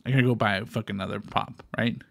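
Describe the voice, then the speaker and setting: A man's voice: lowish voice, steady tone, racing, vocal fry, no echo, clean studio sound. A man from Texas co-hosting a podcast, telling a story in casual chat, swearing freely and acting out quoted voices. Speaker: podcast co-host.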